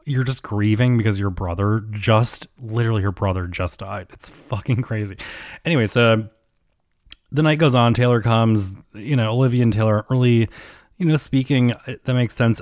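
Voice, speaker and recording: A man's voice: fairly low pitch, darkish tone, no echo, clean studio sound. A man hosting a podcast, recapping a reality show in casual chat, gossipy and swearing, acting out quotes with lots of fillers. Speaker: podcast host.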